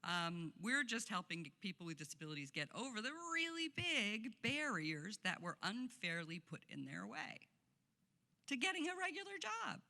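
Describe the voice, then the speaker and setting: A woman's voice: medium pitch, sing-song, moderate pace, creaky, pushed and bright. A woman giving a passionate conference keynote speech, emphatic and laughing often, recorded in a conference hall. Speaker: keynote speaker.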